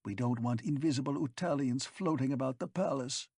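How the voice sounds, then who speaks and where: Man doing pompous old palace official, whining and snappish, raised pitch, husky. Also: fairly quick, a little mellow, no room sound, clean studio sound. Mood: whining haughty. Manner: whiny, arrogant, snapping. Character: whining haughty old male seneschal.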